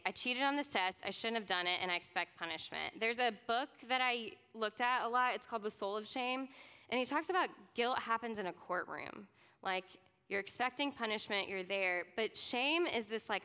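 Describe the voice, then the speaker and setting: A woman's voice: fairly high pitch, moderate pace, pushed and bright, clear, resonant tone, in a large hall. Earnest young woman teaching a class. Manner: earnest, chatty, many "like" fillers. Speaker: speaker teaching a youth ministry class. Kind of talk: casual class talk. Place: conference classroom or hall.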